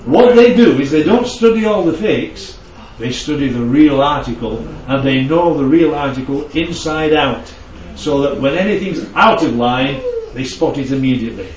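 Preacher, chatty, echoey hall. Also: male voice, a little high, animated, moderate pace, darkish tone, slight background noise. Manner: conversational, checks in with the audience often. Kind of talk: interactive Bible teaching. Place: church hall. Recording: dull, echoey hall from far off.

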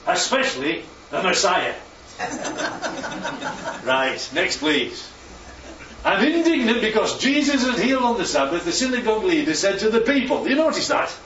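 Guy preaching, lively, keeps asking yeah? right?, echoey hall mic far off, faint room hum. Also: high voice, unhurried, pauses often. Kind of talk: sermon. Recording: echoey, distant, dull sound with faint ambience.

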